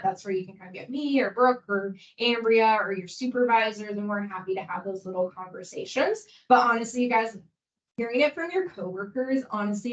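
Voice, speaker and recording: A woman's voice: fairly high pitch, muffled recording. Chatty woman leading staff training. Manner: casual, chatty, encouraging, with many fillers. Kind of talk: workplace training talk.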